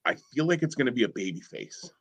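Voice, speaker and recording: A man's voice: medium pitch, very animated, quick pace, a bit bright, husky. A man co-hosting a podcast in casual chat, rambling and enthusiastic with lots of fillers. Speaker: podcast co-host.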